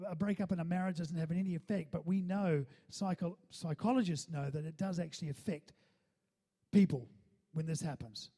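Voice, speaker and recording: Preaching in a hall with long reverb, this pastor has a high-pitched, mellow male voice. He often calls out to the congregation for agreement and repeats his words along the way.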